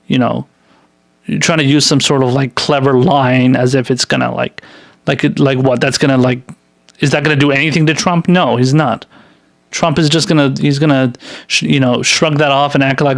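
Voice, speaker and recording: A man's voice: medium pitch, no echo. A man hosting a political commentary show, reading news articles aloud and rambling through sarcastic, filler-heavy commentary on them.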